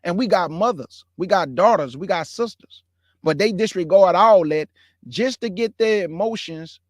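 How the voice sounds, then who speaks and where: This is the host of his own show, a man whose voice sits high, talking straight to viewers in an earnest, impassioned monologue. He calls them family, brother, and bruh, and he gets heated and emphatic. The sound is dry and studio quality.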